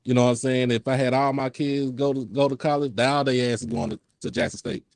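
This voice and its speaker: Gravelly man talking earnestly over a phone. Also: mid-range voice, fairly even intonation, a little mellow, no room sound. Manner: halting, many restarts and fillers, earnest. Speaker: guest who runs his own sports live stream. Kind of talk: casual live-stream chat. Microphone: phone on a call.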